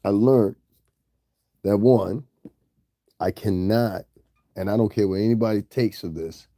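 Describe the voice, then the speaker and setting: A man lectures a rival in loose, laid-back talk. His voice is low and gravelly with a warm, mellow tone, recorded dry and close. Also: unhurried, no echo. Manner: laid-back, talks straight to a rival, laughs often. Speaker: YouTube commentator. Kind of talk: casual direct-address commentary.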